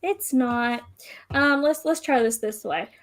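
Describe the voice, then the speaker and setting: A woman's voice: sits high, takes it slowly. A woman co-hosting a casual live stream, playful and self-mocking, who sometimes stumbles over her words. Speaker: co-host.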